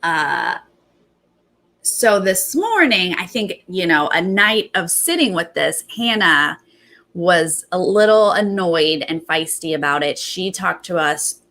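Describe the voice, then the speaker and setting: A young adult woman hosting a casual recap, retelling events in animated bursts and quoting others. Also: fairly low pitch, takes it slowly. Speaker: host.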